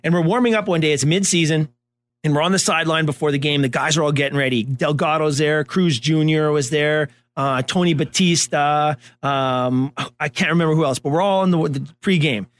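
A man co-hosting a casual talk show, telling animated stories and acting out the voices of the people in them. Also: on the high side, fairly quick. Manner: animated storyteller, acts out voices. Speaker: co-host, former baseball coach. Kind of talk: storytelling in casual chat.

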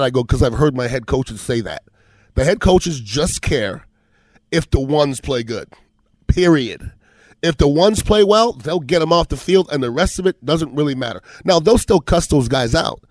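A man's voice: a little high, moderate pace, dry recording. A middle-aged man, a former football player, telling casual stories about games and players, acting out the dialogue. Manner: animated storyteller, acts out quoted dialogue. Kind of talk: casual storytelling on sports.

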